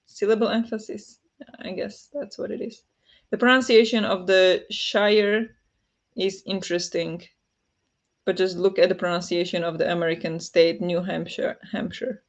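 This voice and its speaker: A woman's voice: lowish voice, level tone, normal speed, dull audio. A woman with a Flemish accent hosting a casual livestream from home, laughing often and reading the chat aloud. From Flanders. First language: Dutch. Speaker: livestream host. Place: home at night.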